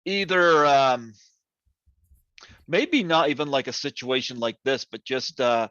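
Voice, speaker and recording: A male podcast host asks his questions in a hesitant, agreeable way, pausing on filler words. His voice sits mid-range and comes through dry and a little dull. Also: mid-range voice, expressive, sharp tone, no room sound. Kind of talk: casual interview. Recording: dull lo-fi line.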